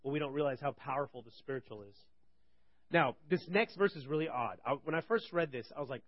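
A man's voice: a little high, animated, quick pace, dry recording. Man teaching the Bible, dry dull audio. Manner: conversational, rhetorical questions, swings between loud and quiet. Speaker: preacher.

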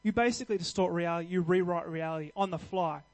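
Male preacher, high voice, earnest and conversational, emphatic at peaks. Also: fast talker, poor audio. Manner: earnest, conversational, with restarts and fillers; builds to louder emphatic passages. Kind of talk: sermon.

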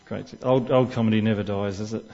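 A man's voice: lowish voice, fairly even intonation, a little fast, darkish tone, highs cut off. A man preaching a sermon in church, talking conversationally and asking the congregation questions.

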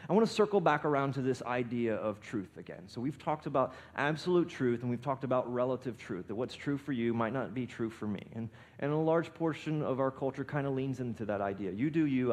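A man's voice: expressive, quick pace, hardly any pauses. Emphatic male pastor preaching. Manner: emphatic preaching with swells in volume and pitch; frequent restarts and repeated words. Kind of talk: sermon.

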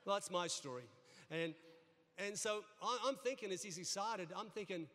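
High-voiced middle-aged pastor preaching in a reverberant church. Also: male voice, moderate pace, pushed and bright. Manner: folksy storytelling with humor, repeats words. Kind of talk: sermon. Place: church sanctuary. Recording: long reverb of a church hall.

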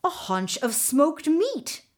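A woman voicing a loyal talking horse, slow and earnest. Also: a little high, very animated. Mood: urgent.

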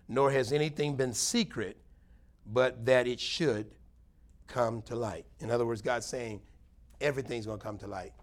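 A man preaching a plain-spoken Bible teaching sermon, earnest and conversational, with emphatic bursts. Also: mid-range voice. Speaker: pastor.

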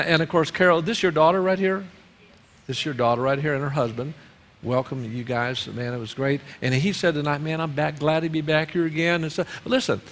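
A male pastor preaching at a church service, calling on the congregation to answer back. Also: high voice. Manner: lively call-and-response preaching. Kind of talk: sermon. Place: church sanctuary. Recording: long reverb of a church hall.

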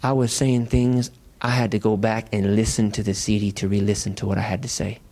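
A male pastor preaching a sermon in a lively, conversational storytelling manner in church. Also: lowish voice, brisk.

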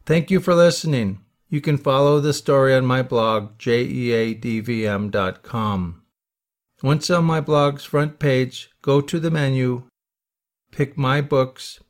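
A man's voice: medium pitch, slow. A man reading a short closing announcement for his audiobook in a plain, direct way. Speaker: author promoting his books.

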